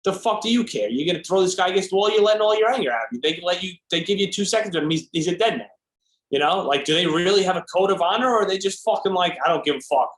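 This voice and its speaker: A man's voice: high voice, animated, fast, a bit bright, echoey room. A man co-hosting a podcast in casual chat, ranting with opinions and swearing. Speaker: podcast co-host.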